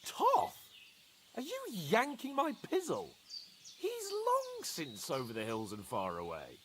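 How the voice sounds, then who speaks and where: An actor playing a brash, lively young nobleman in a game, animated and shifting between solemn and scoffing. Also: high voice, slow pace, noisy background, exaggerated voice. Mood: incredulous. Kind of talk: game voice acting.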